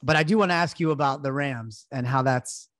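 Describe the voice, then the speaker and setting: In a clean studio recording with no echo, a man in his thirties speaks at a medium pitch, briskly and a little brightly. He co-hosts a podcast and, while recovering from illness, tells a self-deprecating story during casual sports betting chat.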